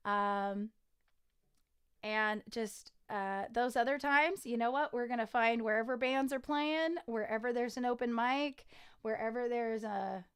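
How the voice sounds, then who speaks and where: A woman singer-songwriter chatting casually on a livestream, excitable and rambling, with frequent giggles. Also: fairly high pitch, smooth.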